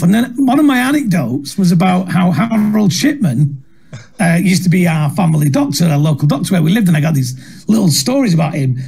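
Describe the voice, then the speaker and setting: A middle-aged man with a Manchester-area Northern English accent tells stories from his career. His voice sits high and sounds slightly husky, and it swings widely in pitch. He mocks himself and laughs through his anecdotes. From England. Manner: lively, self-mocking, laughs through stories. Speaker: comedian guest. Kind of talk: anecdotal storytelling.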